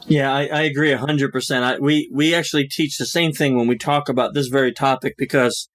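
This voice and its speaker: A man hosting a podcast in casual chat, easygoing and quick to laugh. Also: medium pitch, fairly even intonation, a bit bright. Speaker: podcast host.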